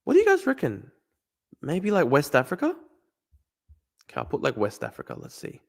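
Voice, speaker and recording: A young Australian man streaming live, thinking out loud as he plays a guessing game, swearing often and talking to his chat. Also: a little high, huge pitch swings, brisk, creaky. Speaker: livestreamer. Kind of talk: casual live-stream commentary.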